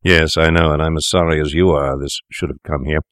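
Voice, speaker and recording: A man's voice: rumbling low, fairly even intonation, a little fast, a bit bright, smooth, no echo, studio quality. A man voicing an unscrupulous young male doctor who speaks in a cool, dismissive way in a storybook reading.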